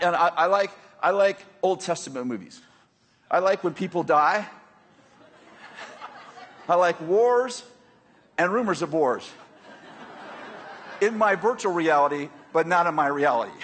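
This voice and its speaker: A man preaching a sermon to his congregation, conversational and quick to make joking asides to the room. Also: high voice, breathy edge, big-room sound. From United States. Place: church hall with a congregation.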